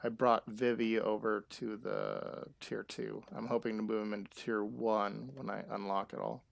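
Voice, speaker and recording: A man chatting casually with his viewers while playing a game live, rambling and halting with restarts. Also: lowish voice, little pitch movement, gravelly, no room sound. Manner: rambling, chatty asides to chat. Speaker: streamer. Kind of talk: live gameplay commentary.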